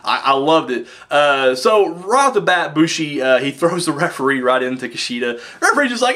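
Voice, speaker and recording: A young man casually recapping a wrestling show, excitable and rambling, with some swearing. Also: on the high side, brisk, hardly any pauses.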